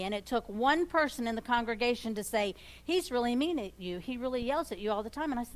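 A woman co-leading a church talk, telling personal stories in a halting way with many restarts. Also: on the high side, expressive. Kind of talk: sermon conversation.

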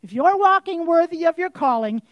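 High-voiced woman preaching with fervor. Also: animated, moderate pace, dry recording, highs cut off. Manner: impassioned, rising to forceful outbursts; direct, questioning the listeners. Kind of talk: sermon.

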